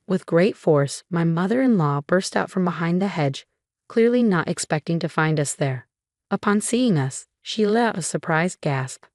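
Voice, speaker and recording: Woman narrating a story, lowish voice. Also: a little mellow, no room sound, clean studio sound.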